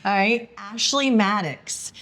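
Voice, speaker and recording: A woman's voice: medium pitch, takes it slowly, a bit bright. A woman co-hosting a casual podcast chat, teasing and laughing often. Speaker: podcast co-host.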